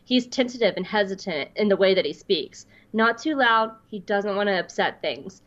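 A woman's voice: medium pitch, animated, moderate pace. Chatty woman on a dull recording. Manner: chatty, filler-heavy, reads quotes aloud. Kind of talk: casual commentary.

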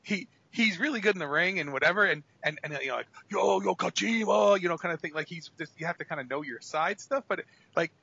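A man co-hosts a wrestling podcast, spinning long, profane anecdotes and doing the voices of the people in them. His voice is bright and forceful and sits fairly high. The recording sounds a little dull and lo-fi. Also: quick pace, hardly any pauses, slightly rough. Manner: rambling, profane storytelling with acted-out quotes. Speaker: podcast co-host. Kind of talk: casual wrestling podcast chat.

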